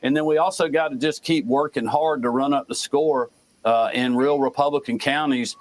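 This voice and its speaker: A middle-aged man with a drawl answers a TV interviewer, pitched in an ordinary male range. He speaks deliberately, building his talking points step by step with frequent pauses. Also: fairly even intonation, rough recording. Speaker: governor being interviewed.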